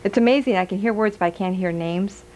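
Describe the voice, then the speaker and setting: A woman's voice: mid-range voice, fast talker, a little mellow, slight background noise, low-quality recording. A woman giving a live stage reading as a psychic medium, chatty and giggly, passing on messages aloud.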